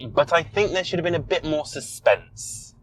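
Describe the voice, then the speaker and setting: Inside a car, a podcast co-host chats casually about a film he has seen, swearing when startled. His voice is fairly high, expressive, and fairly bright, at a normal speed, though the audio is poor.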